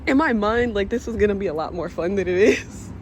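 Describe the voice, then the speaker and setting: A woman's voice: medium pitch, animated, a little fast, slight background noise. Jittery woman vlogging on a nature trail. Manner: nervous, chatty, addresses viewers directly. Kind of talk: casual vlog talk to camera. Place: outdoor nature trail by a river.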